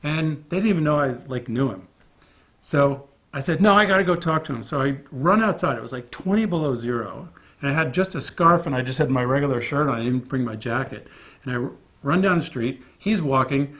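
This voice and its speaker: A man in an interview, telling a behind-the-scenes story in a casual, animated way and acting out other people's lines. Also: medium pitch, a little fast. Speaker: film crew member recalling a production.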